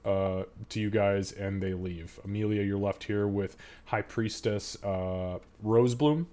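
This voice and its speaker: Lowish male game master narrating. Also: measured pace, dark tone.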